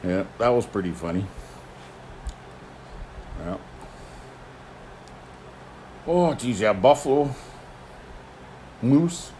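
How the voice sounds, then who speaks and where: Folksy older man, lively pitch. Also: slow pace, a little hiss or hum. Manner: folksy storyteller, chuckles, clears throat often. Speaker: host, horse teamster. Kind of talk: casual chat answering viewer questions.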